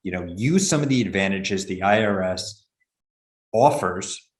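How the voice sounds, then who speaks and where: Deep-voiced man explaining benefit plans. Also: animated, a little slow, roomy sound. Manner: explanatory, many restarts and fillers. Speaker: benefits consultant guest. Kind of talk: podcast interview.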